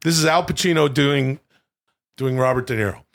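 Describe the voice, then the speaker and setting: A man's voice: mid-range voice, normal speed, vocal fry. A man co-hosting a comedy podcast, rambling and fumbling over names as he talks. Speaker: podcast co-host. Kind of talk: casual comedy chat.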